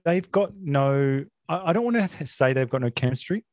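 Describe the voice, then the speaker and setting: A man's voice: a little high, lively intonation, moderate pace, darkish tone. A man who is not American, a podcast host talking about a film in an opinionated, rambling way, with many fillers. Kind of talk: casual film chat.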